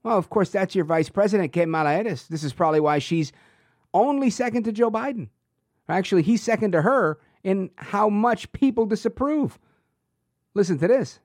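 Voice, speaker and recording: A man's voice: high voice, animated, moderate pace, a little mellow, dry recording, clean studio sound. A man hosting a political commentary show, talking in a sarcastic, punchy monologue full of rhetorical questions. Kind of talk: opinionated monologue.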